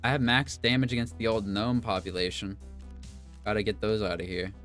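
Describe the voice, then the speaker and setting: Man, low-pitched, casual gameplay commentary, meandering, filler-heavy, game music behind. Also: level tone, fairly quick, a bit bright. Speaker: gaming YouTuber. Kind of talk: rambling commentary over gameplay.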